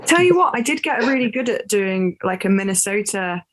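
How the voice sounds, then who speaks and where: A woman's voice: medium pitch, lively intonation, normal speed. A young woman hosting a podcast, chatting casually with frequent laughs and hesitant fillers. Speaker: podcast host. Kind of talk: casual chat.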